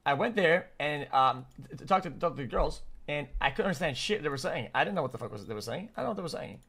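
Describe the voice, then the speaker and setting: A man's voice: a little high, expressive, fast, a bit bright, slightly rough. A man from Canada reacting to videos in casual, profane commentary, often stammering and restarting his sentences.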